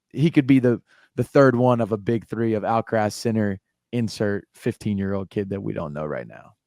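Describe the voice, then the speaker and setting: A man's voice: lowish voice, a little mellow, clean tone, no room sound, studio quality. A young American man co-hosting a podcast in casual chat, easygoing and joking, trailing off and restarting often. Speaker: podcast co-host.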